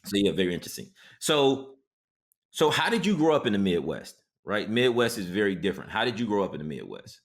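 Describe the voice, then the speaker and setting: A man with a fairly low voice, hosting a casual interview podcast. He tells stories in an animated way and keeps checking in with his guest with "right?" He talks as a fellow therapist in relaxed conversation. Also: brisk. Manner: animated storyteller, tags his points with "right?". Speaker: podcast host, psychotherapist.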